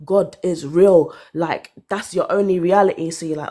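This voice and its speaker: A woman in her thirties telling her own story in casual chat, candid and animated, with sighs and laughs. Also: on the low side, fairly quick, hardly any pauses. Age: 30s. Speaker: caller.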